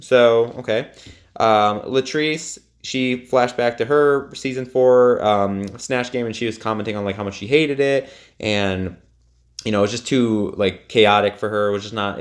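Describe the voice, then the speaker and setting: Chatty young man reviewing a show. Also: lowish voice. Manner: chatty, opinionated, many ums and likes. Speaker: TV recap reviewer. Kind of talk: casual recap monologue.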